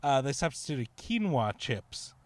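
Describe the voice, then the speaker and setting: With an unhurried, sing-song delivery in a mid-range voice, a man co-hosting a podcast spins a rambling story, laughing and filling the gaps with lots of fillers. The casual chat is recorded with no echo.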